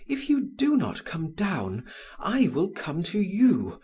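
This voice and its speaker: A male narrator voicing a passionate young man who pleads in a raised, breathy voice. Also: sits high, wildly swooping pitch, slow, a little mellow, pitched above the performer's own voice, exaggerated voice. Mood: pleading.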